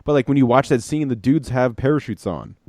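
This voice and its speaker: A man's voice: medium pitch, a little fast, no room sound. Rambling casual man, dry close mic. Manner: rambling, filler-heavy, animated storytelling. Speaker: podcast co-host. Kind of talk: casual chat.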